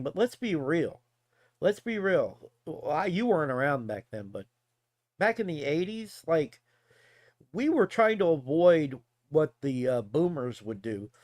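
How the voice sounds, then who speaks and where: A rambling, profane man in his forties holds forth to a live stream, laughing between tangents. His voice sits a little high and swings widely in pitch. The sound is dry and close. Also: no echo. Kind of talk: casual rant.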